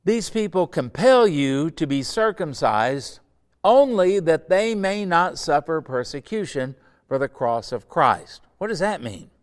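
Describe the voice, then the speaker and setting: A middle-aged pastor teaching a Sunday school Bible lesson, earnest and conversational, building to emphatic points. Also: male voice, on the high side, sing-song, a little slow, clear, resonant tone.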